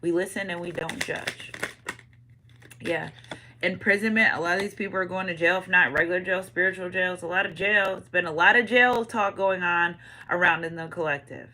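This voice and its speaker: Bright-voiced woman giving a tarot reading. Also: lowish voice, fairly even intonation, brisk, slight background noise, rough recording. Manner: slangy, repeats catchphrases, talks straight to viewers. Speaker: tarot reader.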